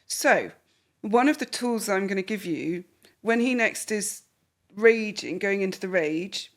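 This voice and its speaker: A woman with a mid-range voice speaks unhurriedly as a counsellor hosting a podcast. She guides a client through a coaching session in the manner of a therapy conversation, animatedly acting out the voices of the people she quotes.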